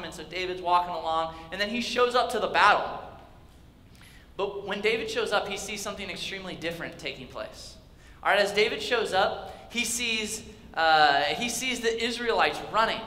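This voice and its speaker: A man's voice: sits high, normal speed, pushed and bright, slight background noise. A young male youth pastor preaching a sermon in a large church hall. He tells the story casually and jokingly and acts out the characters. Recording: echoey hall with faint ambience.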